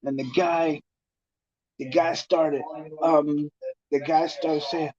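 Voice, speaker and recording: A man's voice: a little high, flat delivery, slow pace, crowd noise. A man casually telling a long story, rambling and repeating himself, with many fillers. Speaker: TV talk guest telling a story. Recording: muffled lo-fi sound.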